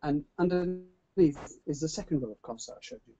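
A man hosting an online webinar, talking like a showman who stumbles over repeated words when he gets going. His voice sits a little high for a man but has a dark, mellow tone. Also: normal speed, breathy edge, highs cut off. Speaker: webinar host. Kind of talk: enthusiastic webinar presentation.

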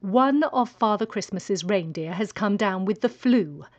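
A woman's voice: mid-range voice, lively intonation, a little slow, close to an everyday voice. A woman voicing a male angel with a cold, spluttering as he talks, in a storybook reading. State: sneezing and spluttering.

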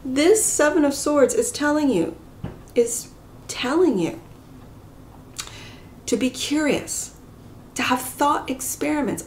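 A gentle, soft-spoken woman giving a pick-a-card tarot reading to her viewers, sometimes dropping to a whisper. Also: sits high, expressive, normal speed, slight background noise. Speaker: tarot reader.

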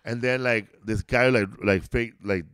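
A man's voice: medium pitch, steady tone, measured pace, fairly bright tone, clean tone, no echo, studio quality. A man, co-hosting a podcast and rambling through loose, casual stories, saying "bro" often. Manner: rambling storyteller, peppers talk with "bro" and "dog". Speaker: podcast co-host, comedian. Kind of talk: casual chat.

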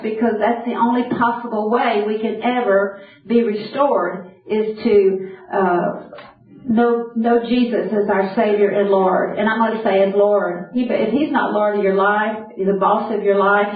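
A woman's voice: mid-range voice, fairly even intonation, measured pace, phone-quality sound. Distant echoey woman preaching. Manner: earnest, direct, quotes scripture. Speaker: Bible teacher. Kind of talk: sermon. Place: camp meeting hall.

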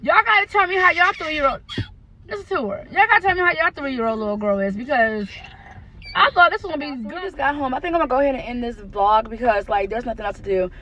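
A high-pitched American woman in her thirties talks into a phone camera from her car, venting about her kids. She is blunt and exasperated and curses freely, as in a candid car chat. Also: expressive, fast, bright, forceful tone, muffled recording. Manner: blunt, exasperated, frank with cursing. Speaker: mother vlogger. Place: parked car, then driving home.

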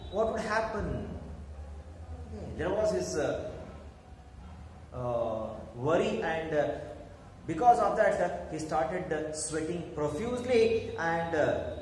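A male teacher walks a class through a story at an unhurried pace, his fairly high voice rising and falling a great deal. He pauses often on fillers and repeats himself as he explains. The sound is roomy, with a long reverb and faint background noise. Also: a little mellow, far from the mic. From India. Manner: slow and explanatory, with many fillers and repetition. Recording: echoey hall with faint noise.

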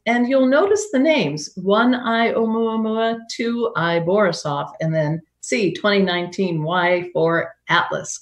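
A woman hosting a live science program from home over a video call, chatty and given to wry, self-mocking jokes. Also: lowish voice. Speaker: science show host. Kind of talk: live remote science presentation.

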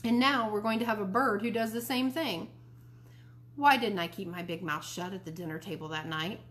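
A woman reading a children's chapter book aloud for listeners, her voice expressive and easy. She moves smoothly between narration and character voices. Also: mid-range voice, normal speed. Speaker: library storyteller.

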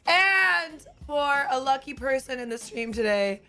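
A young woman who has partly lost her voice, gushing through an excited reaction to new game content. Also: high-pitched, soft background music. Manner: gushing, excitable, quick exclamations. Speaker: gaming YouTuber and streamer. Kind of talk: excited gameplay reaction commentary.

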